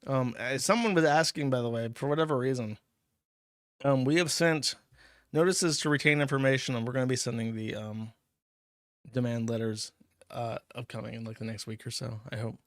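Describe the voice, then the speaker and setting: A man's voice: mid-range voice, normal speed, no room sound, studio quality. Profane rambling male livestream host. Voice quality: rambling, profane, laughs often. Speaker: livestream host reading paid chat messages. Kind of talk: casual livestream chat.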